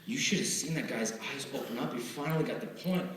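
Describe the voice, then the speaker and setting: A man's voice: mid-range voice, a little fast. Man speaking in an echoey hall. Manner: lively storytelling, acting out quoted exchanges. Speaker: chastity speaker at schools. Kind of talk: live motivational talk to students. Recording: echoey hall, far from the mic.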